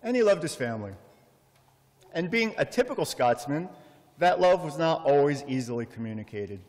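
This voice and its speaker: A middle-aged man giving a heartfelt funeral eulogy for his father, measured and full of storytelling pauses. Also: fairly high pitch, very animated, a little mellow. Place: memorial service in a large hall. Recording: long hall reverb.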